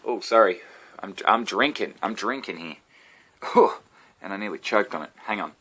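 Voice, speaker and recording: Brief: Australian guy, low voice, sore-throated, riffing and cursing. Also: lively intonation, normal speed, sharp tone, breathy edge. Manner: meandering, swearing, self-interrupting. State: sick throat. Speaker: comedian. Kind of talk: rambling solo vlog rant.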